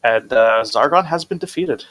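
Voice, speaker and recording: A man's voice: medium pitch, animated, moderate pace, fairly bright tone. A man narrating as dungeon master in a casual tabletop game, often stumbling and repeating words.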